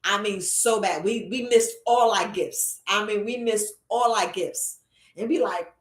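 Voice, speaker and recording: This herbalist's mid-range voice is unhurried as she hosts a casual live stream, preaching motivation repetitively and calling viewers family. The computer sits across the room, leaving a roomy echo on the recording.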